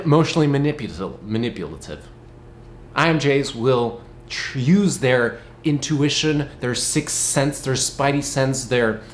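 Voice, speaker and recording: A young man vlogging casually, playful and mock-dramatic, swinging between loud outbursts and low asides. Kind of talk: casual animated vlog rant. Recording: echoey room with faint noise.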